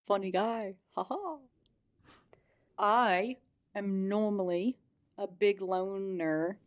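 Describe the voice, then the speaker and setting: A woman's voice: medium pitch, slow pace. A woman playing in a tabletop game, talking in character with earnest hesitation. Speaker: player. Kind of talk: tabletop role-play in character.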